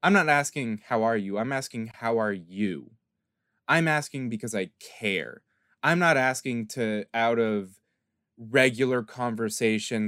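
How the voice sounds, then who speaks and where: A man's voice: mid-range voice, a bit bright, no echo, clean studio sound. A man co-hosting a podcast in casual chat, talking earnestly and rambling with restarts, acting out little quoted exchanges. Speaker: podcast co-host.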